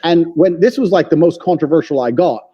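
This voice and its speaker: A man as a podcast guest, talking bluntly and forcefully with lots of swearing and emphatic claims. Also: a little high, a little fast, slightly rough. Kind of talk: blunt opinionated conversation. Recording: long reverb, dull lo-fi sound.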